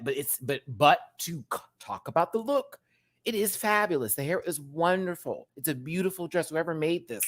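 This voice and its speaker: A man in his thirties, a drag queen, giving a sassy, animated casual review and laughing often while answering viewers. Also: on the high side, moderate pace. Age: 30s. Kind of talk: casual chatty episode review.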